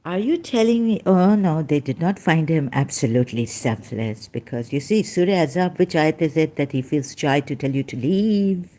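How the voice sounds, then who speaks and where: A woman's voice: low-pitched, lively intonation, moderate pace, hardly any pauses, warm tone. A woman giving casual solo commentary while reading scripture aloud, emotional and rambling, often breaking off mid-thought to correct herself. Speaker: religion commentator.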